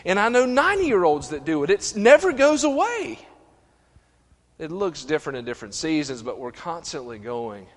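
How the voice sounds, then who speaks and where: A middle-aged man preaching a sermon, animated, stumbling and restarting, acting out voices. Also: on the high side, moderate pace. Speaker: pastor. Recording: long reverb of a church hall.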